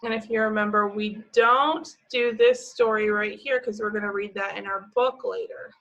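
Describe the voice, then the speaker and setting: A woman teaching preschoolers, speaking slowly and patiently, asking the children questions and answering them herself with encouragement. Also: mid-range voice, fairly even intonation, a bit bright, dull audio.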